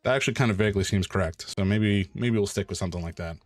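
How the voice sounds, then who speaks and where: A man streaming live, chatting casually while he draws, rambling and self-mocking with sudden loud exclamations. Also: lowish voice, rapid-fire, dry recording, faint music behind.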